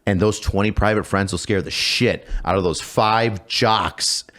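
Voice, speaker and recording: Man, thirties, lowish voice, casual profane storytelling, ex drill sergeant. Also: a little slow. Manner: animated, profane, acts out shouted exchanges. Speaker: podcast guest, former drill sergeant.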